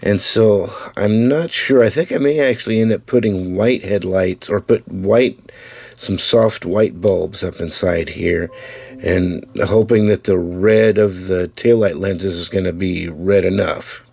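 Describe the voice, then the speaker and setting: Low-voiced man chatting through a hobby build. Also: measured pace, vocal fry, darkish tone. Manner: easygoing, talks to camera while showing parts, with small restarts. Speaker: hobbyist building custom slot cars. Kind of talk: casual build-update video.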